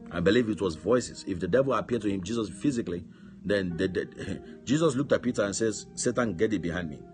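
A male pastor delivers a fervent sermon in a low voice, dropping amen and hallelujah between points. Faint music plays beneath him. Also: lively intonation, fairly quick.

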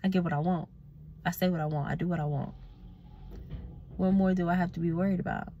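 A woman's voice: lowish voice, steady tone, fast talker, warm tone, muffled recording, a little hiss or hum. A sleepy woman, ranting bluntly and profanely in a casual vlog as a self-reflection coach. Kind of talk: casual vlog talk to camera.

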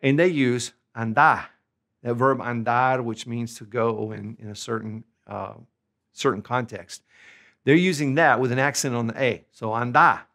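A man's voice: medium pitch, fairly bright tone. Upbeat man teaching a language lesson. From United States. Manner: upbeat, conversational, stretches out example words slowly.

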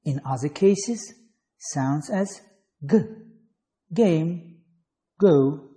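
A man's voice: a little high, lively intonation, very slow, mellow. A man from Azerbaijan, an English teacher reading letters and example words one at a time in an online phonetics lesson.

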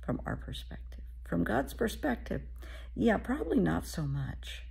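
A middle-aged woman therapist giving a motivational talk, speaking softly and often half-whispering, calling the listener honey. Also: mid-range voice, big pitch swings, measured pace, gravelly, slightly rough.

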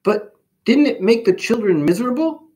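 A man reading a picture book aloud, voicing a timid, kind-hearted young male germ with a soft, pleading manner. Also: very high voice, animated, moderate pace, voice pushed up. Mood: plaintive. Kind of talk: storybook read-aloud.

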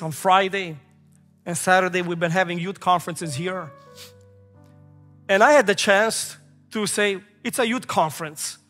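A man in his thirties preaching from the pulpit, emphatic and repetitive as he builds his points. His voice sits high for a man. Long reverb from a large sanctuary carries it, with faint music under it. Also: fairly bright tone. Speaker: pastor. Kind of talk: sermon. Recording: echoey hall with faint music.

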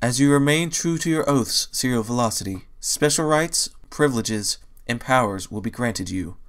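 A man's voice: medium pitch, animated, lightly acted. A man voicing a solemn ancient pony princess. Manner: slow formal proclamation.

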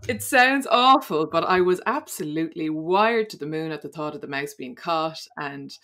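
A woman's voice: deep voice, animated, normal speed, a bit bright. An Irish woman in her thirties, a podcast guest telling childhood stories in casual chat, rambling and laughing often.

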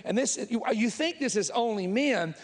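A man's voice: high voice, animated, normal speed. A man with a Southern US accent preaching a sermon to a live audience, blunt and folksy, with emphatic asides to the crowd. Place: large church hall with live audience. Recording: echoey hall reverb.

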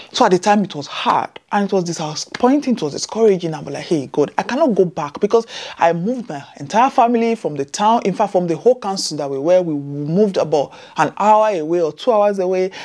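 A woman's voice: medium pitch, warm tone. A woman in her thirties from Nigeria, speaking, chatting to viewers as a nurse vlogger and telling her story with emphatic asides. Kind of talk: casual vlog talk to camera. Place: Scotland.

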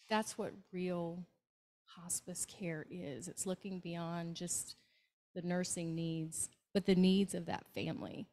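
A woman with a Southern US accent, a hospice nurse telling stories to a club meeting and acting out the people in them. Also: lowish voice. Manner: warm anecdotal storytelling with acted quotes. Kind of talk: storytelling talk to a club. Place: meeting room, hybrid meeting.

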